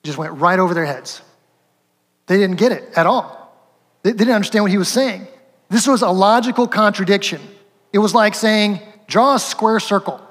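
A man preaching a sermon with a high voice. He talks conversationally and acts out the people in the stories. His voice rings with the long reverb of a large church hall. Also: normal speed, a bit bright. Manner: conversational, acts out quotes, chuckles, rhetorical asides. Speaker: pastor.

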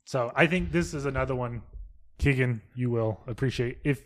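A man co-hosting a casual podcast, talking loosely and excitably with frequent swearing. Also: medium pitch, moderate pace. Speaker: podcast co-host.

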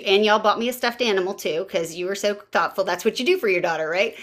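Woman podcast host, animated storyteller, mid-pitched voice, quick asides. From Baltimore area, US. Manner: lively storyteller, acts out quotes. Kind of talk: casual podcast conversation.

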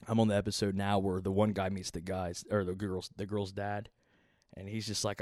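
A man's voice: on the low side, flat delivery, moderate pace, darkish tone, dry recording, clean studio sound. A man in his thirties ranting casually and profanely as a podcast host, rambling and exasperated. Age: 30s.

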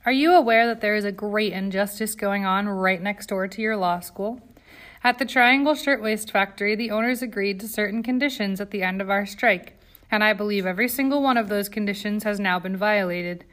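A woman's voice: medium pitch, a little fast, fairly bright tone, lightly acted. A woman doing an outspoken teen factory girl. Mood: indignant. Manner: indignant, forthright.

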